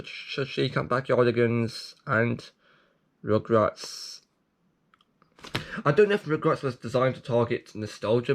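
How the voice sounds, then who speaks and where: A man hosting a video, reading a leaflet aloud with jokey commentary, playful and prone to sudden excited outbursts. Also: medium pitch. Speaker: video host.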